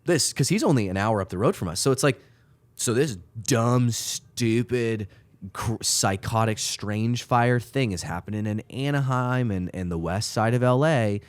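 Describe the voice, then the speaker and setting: A man co-hosting a church podcast, telling stories in casual chat with an emphatic, animated manner. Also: medium pitch, normal speed, no echo.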